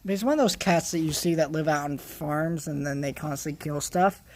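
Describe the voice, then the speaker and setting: A man's voice: fairly high pitch, fairly quick, slight background noise. A man from California rambling casually in a vlog, with many restarts and fillers. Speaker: vlogger.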